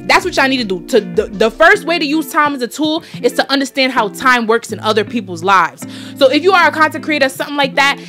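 Brief: twenties New York woman, podcast host, blunt and profane, sharp bright tone, faint music under her. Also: sits high. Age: 20s. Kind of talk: blunt motivational monologue.

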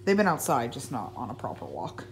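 A woman's voice: very deep voice, huge pitch swings, brisk, a little hiss or hum. A young woman from the United States chatting casually in her daily vlog, sliding into bubbly baby talk with her pets. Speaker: vlogger.

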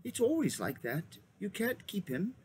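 A genial, fussy old magician, as a male reader puts him on, speaking in a high, lilting old-man voice. His pitch leaps and swoops with lively storybook animation. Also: a little slow, a little hiss or hum. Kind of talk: storybook read-aloud.

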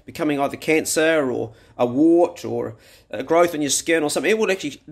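A man's voice: on the high side, brisk, creaky. A man talking bluntly and emphatically to camera, swearing freely while he makes his points. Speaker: vlogger. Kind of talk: casual opinionated talk to camera. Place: outdoors in a garden, then indoors.

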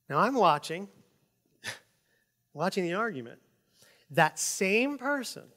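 Pastor, male, lively preaching voice, slightly high, church hall echo. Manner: animated, emphatic, shifts between loud stresses and quiet asides. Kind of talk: sermon. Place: church sanctuary. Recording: long hall reverb.

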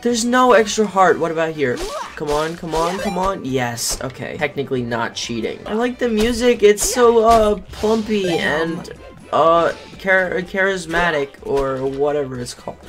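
A drowsy, rambling young man talks through his video game in a loose, offhand way, swearing when it turns on him. his pitch leaps all over the place, and faint game music plays underneath. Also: animated, moderate pace. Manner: tired, yawning, rambling and easily exasperated. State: sleepy. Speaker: gaming channel host. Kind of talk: casual let's play commentary.

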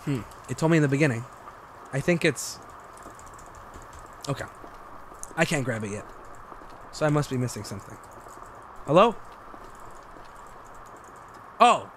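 A young man streaming gameplay commentary, excitable and joking, swearing freely. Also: mid-range voice, a little slow, long pauses, background noise.

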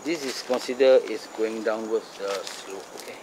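A Singaporean man chats his way through a night-time ghost-hunting vlog outdoors, mixing Malay phrases into his English. He sometimes drops his voice to a hush. Faint crickets and insects buzz behind him. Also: fairly low pitch, normal speed, noisy background. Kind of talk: casual solo vlog narration.

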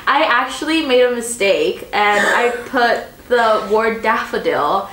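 A woman vlogger and songwriter chatting casually, excitable and playful, laughing a lot. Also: a little high, unhurried. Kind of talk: casual chat. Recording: echoey room with music.

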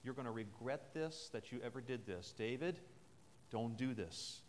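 A man's voice: medium pitch, animated, moderate pace, a little hiss or hum, pitched below the performer's own voice, close to an everyday voice. A man voicing a wise woman who pleads urgently with a king, as part of a sermon. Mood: pleading. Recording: long chapel reverb.

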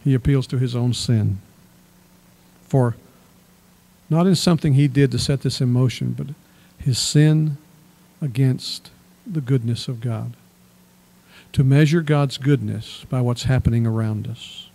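A man's voice: mid-range voice, unhurried, vocal fry, mellow. A male pastor preaching a sermon in a church, reading scripture aloud and then explaining it in plain words. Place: church sanctuary.

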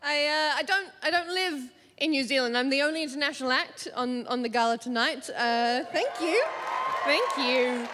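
High-voiced Australian woman doing stand-up. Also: normal speed, some chatter behind. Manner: animated, jumps to high exclamations. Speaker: stand-up comedian. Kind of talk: stand-up comedy set. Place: large theatre stage with live audience. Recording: reverberant theatre, faint background noise.

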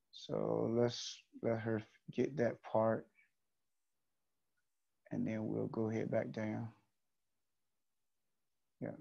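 A man's voice: mid-range voice, gravelly, darkish tone, dull audio. A man teaching an online statistics class, explaining step by step and repeating key points.

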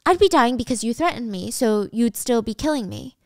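A woman voicing a calm, fearless teenage girl who speaks in a flat, composed way. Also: fairly high pitch, brisk, dry recording, studio quality.

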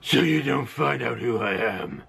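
A growling caped crusader, terse and deadpan, with gravel in the throat and a noisy background. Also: male voice, medium pitch, a little slow, voice pushed down, heavily acted. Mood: gruff. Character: gruff masked male crime-fighter.

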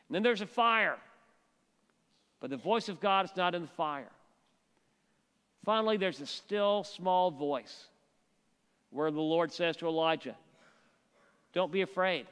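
A male pastor preaching a sermon, telling stories and dropping his voice soft and quiet for emphasis. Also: high-pitched, smooth, big-room sound.

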